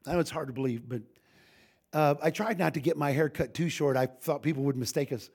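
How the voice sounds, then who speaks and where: A man's voice: fairly high pitch, brisk, gravelly, darkish tone, husky. An older man, a pastor, giving an informal sermon full of humorous stories, folksy and joking, with frequent restarts.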